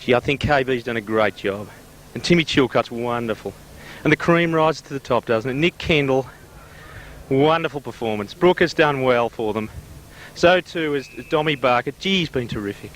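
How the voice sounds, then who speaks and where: A man playing a guest commentator does a comic impression of a famous TV football commentator, gushing with effusive praise and sounding a bit out of breath. His medium-pitched, slightly bright voice is close to an everyday one at normal speed, on a rough recording with a little hiss or hum.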